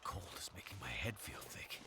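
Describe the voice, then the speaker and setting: A worn-out game survivor muttering to himself, low and quiet, his voice sounding distant and unlike the streamer's. He comes through softly from the game audio. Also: sing-song, normal speed, creaky, slight background noise, heavily acted. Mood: weary.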